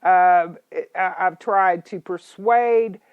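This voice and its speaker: A middle-aged woman, hosting a political podcast in an angry, scolding rant with sudden loud outbursts. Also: on the low side, slow pace, clear, resonant tone. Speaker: podcast host. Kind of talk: ranting political podcast monologue. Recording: dull lo-fi internet radio stream.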